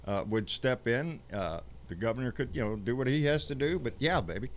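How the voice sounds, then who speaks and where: A man's voice: mid-range voice, lively intonation, fairly quick, slight background noise. Fired-up man hosting a talk show. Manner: blunt, profane, fired-up, calls people "baby". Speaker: live show host. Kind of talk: political talk show chat.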